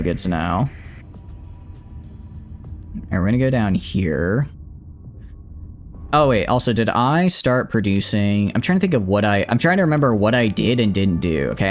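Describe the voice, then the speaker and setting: Young male streamer, low voice, very animated delivery, rambling game commentary, faint music underneath. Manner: rambling, chatty, talks to his fleet and chat. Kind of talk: live gameplay commentary.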